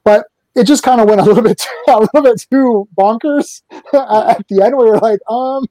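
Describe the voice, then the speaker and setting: A man's voice: very high-pitched, moderate pace, dark tone, dry recording. A man co-hosting a casual film podcast, rambling and hesitant, searching for words. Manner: rambling, hesitant, many fillers and restarts. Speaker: podcast co-host.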